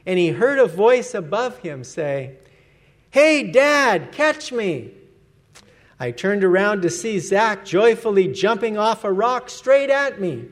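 A man's voice: high-pitched, animated, a little slow, few pauses. A man preaching a sermon as pastor, earnest and emphatic, letting his voice fall at the end of each phrase.

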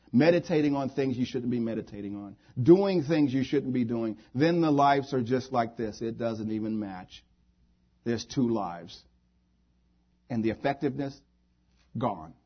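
Husky-voiced preacher man, emphatic. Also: medium pitch. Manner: emphatic preaching with repeated phrases. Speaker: pastor. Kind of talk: sermon. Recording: dull lo-fi recording.

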